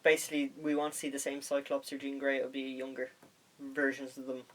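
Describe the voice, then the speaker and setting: A man's voice: mid-range voice, completely flat delivery, brisk, fairly bright tone, rough recording. A man guesting on a podcast in casual chat, laid-back and giving short remarks.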